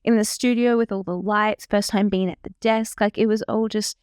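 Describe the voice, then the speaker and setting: A woman's voice: medium pitch, fairly even intonation, normal speed, a little mellow, smooth, no echo, studio quality. A woman in her twenties chatting casually as a vlogger, rambling and self-deprecating. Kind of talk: casual reaction chat.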